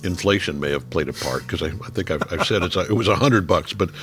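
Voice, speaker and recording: A man in his seventies chatting over a meal, telling relaxed stories that drop low and quiet when he reflects. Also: fast talker, faint music behind. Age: 70s. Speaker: guest. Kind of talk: casual chat over a meal.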